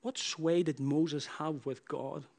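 A man's voice: fairly high pitch, fairly even intonation, slow, creaky, darkish tone. A man preaching a sermon, building emphatic repeated phrases that rise in force. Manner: emphatic, repetitive preaching with rising bursts.

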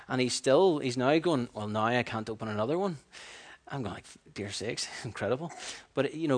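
Animated man preaching a sermon. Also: mid-range voice. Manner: animated storyteller, acts out voices, laughs at his own stories.

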